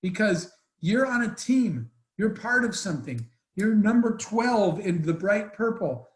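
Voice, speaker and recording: A man's voice: sits high, lively intonation, measured pace, roomy sound, rough recording. A man telling an emotional story as a guest speaker in an online Q&A, earnest and rambling with restarts, over a video call.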